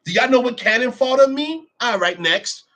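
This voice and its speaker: A man giving profane, animated commentary as he reacts to videos, full of rhetorical questions and repetition. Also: very high-pitched, normal speed.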